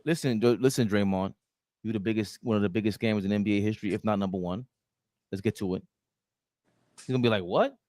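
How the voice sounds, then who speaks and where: A man co-hosting a casual sports podcast, talking in slangy, emphatic bursts with loud outbursts. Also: on the low side, steady tone, quick pace, pauses often, dry recording, studio quality. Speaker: podcast co-host.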